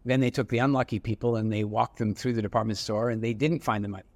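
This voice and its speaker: A middle-aged man, an entrepreneur guest, telling stories in a casual, animated way with frequent restarts and acted-out dialogue. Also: on the low side, fast. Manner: animated storyteller with many restarts, acting out dialogue. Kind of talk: casual storytelling interview.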